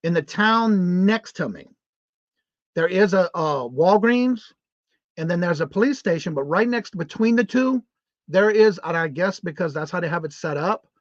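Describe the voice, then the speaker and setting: A chatty, upbeat man hosts a morning livestream, rambling a little and restarting his sentences as he reads comments. His voice sits slightly high for a man. The audio is dull and muffled, recorded in a dry, dead little room. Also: lively intonation, moderate pace, dry recording. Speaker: host of a morning live show. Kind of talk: casual live-stream chat, reading viewer comments aloud.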